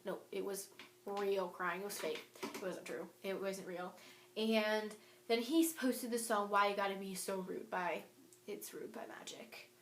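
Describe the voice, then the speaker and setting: A young woman telling a storytime vlog, animated and indignant, reading out old text messages. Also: medium pitch, a little slow, a little hiss or hum. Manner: animated and indignant, quoting texts aloud. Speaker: vlogger. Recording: echoey room.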